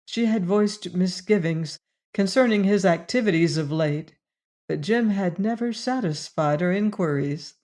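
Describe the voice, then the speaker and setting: Her voice is on the low side as she reads scripted audiobook narration. The woman's delivery stays measured and evenly paced throughout.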